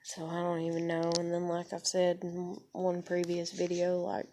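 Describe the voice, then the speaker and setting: A woman's voice: lowish voice, completely flat delivery, unhurried. A woman in her thirties ranting to camera in a casual vlog, rambling, heavy with swearing, upset and near tears. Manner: profane, rambling, heated. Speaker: vlogger.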